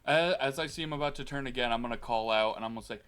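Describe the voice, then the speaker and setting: A man's voice: mid-range voice, racing, fairly bright tone, clear, resonant tone. A man playing a tabletop role-playing game, talking casually. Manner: apologetic and bumbling in character. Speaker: player.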